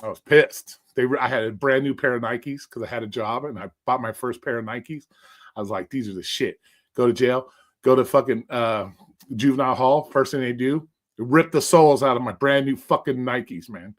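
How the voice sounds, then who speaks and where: A man's voice: medium pitch, moderate pace. Profane man telling wild stories. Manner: profane, animated storyteller. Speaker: host. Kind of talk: casual storytelling chat. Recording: livestream call audio.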